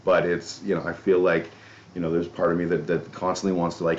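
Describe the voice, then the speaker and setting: Very deep-voiced rambling male podcast host. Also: little pitch movement, fast talker, slight background noise. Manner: rambling, swears casually, self-deprecating asides. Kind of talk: casual chat. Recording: dull lo-fi audio.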